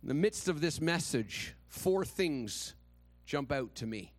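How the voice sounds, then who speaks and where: A man's voice: on the high side, lively intonation, takes it slowly, no room sound. A male pastor preaching a sermon in a conversational, dramatic storytelling manner with touches of humor.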